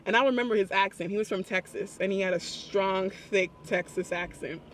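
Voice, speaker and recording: Chatty high-voiced young man vlogging. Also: fairly quick, a little hiss or hum. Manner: excited, chatty, laughs often. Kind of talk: casual vlog storytelling. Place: public place.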